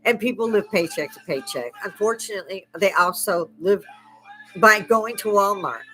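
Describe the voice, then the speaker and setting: A woman's voice: medium pitch, normal speed, pushed and bright, faint music behind. An older woman delivering an angry, profane political rant, sarcastic and scornful, with bursts of mocking laughter. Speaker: livestream host.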